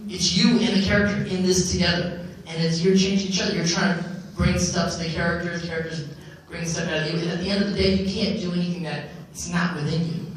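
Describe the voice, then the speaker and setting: A man talks through audience questions at a convention panel, circling back on his points with plenty of "you know"s. His voice sits a little high for a man and carries a big hall echo. He sounds set back from the mic. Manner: animated, reflective, repeats words and uses "you know". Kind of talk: live panel talk answering questions. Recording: echoey hall from far off, faint noise.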